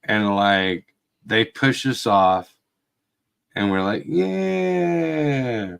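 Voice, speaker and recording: Slow-talking profane man telling stories. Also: on the low side, clean tone. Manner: profane, laid-back storytelling with shouted quotes. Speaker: podcast host. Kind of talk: casual storytelling chat. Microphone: video call.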